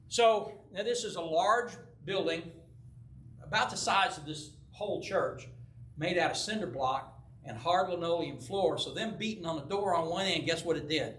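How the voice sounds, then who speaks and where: An older pastor tells a story from the pulpit in a folksy way and acts out the voices of the people in it. His voice sits high and sounds bright. He is heard from a distance in an echoey church. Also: moderate pace, a little hiss or hum. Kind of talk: sermon with personal story. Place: church sanctuary.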